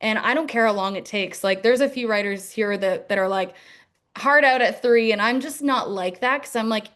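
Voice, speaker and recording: A woman's voice: on the high side, moderate pace, a bit bright. A young adult woman musician in a casual interview, talking in a rambling way with many fillers. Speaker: musician guest.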